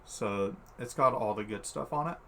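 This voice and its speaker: A man's voice: fairly low pitch, moderate pace, vocal fry, a bit bright, slight background noise. A man narrating as game master of a tabletop game, laid-back, with many fillers and easy laughs.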